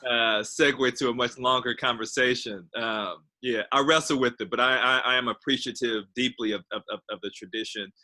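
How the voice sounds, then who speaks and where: A man's voice: mid-range voice, steady tone, brisk, few pauses, pushed and bright. A man interviewing a guest, speaking hesitantly and repeating his words as he looks for them. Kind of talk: conversational interview.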